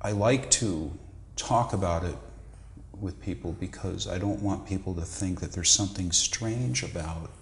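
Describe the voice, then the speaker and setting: Low-voiced man explaining in an echoey room. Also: a little hiss or hum. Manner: measured, lecturing, with occasional restarts. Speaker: psychiatrist guest. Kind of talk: explanatory interview answers.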